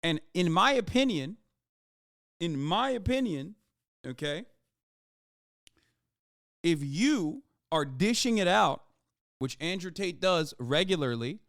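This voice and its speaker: A male streamer holds forth to his live chat with a slightly raised, smooth, resonant voice. He mocks and swears freely, piling on sarcastic asides and restarts. The sound is close and dry, with no room around it. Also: sits high, slow, long pauses, no echo. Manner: profane, sarcastic and mocking; animated, with frequent restarts and emphatic asides. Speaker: livestreamer. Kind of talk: casual livestream rant to chat.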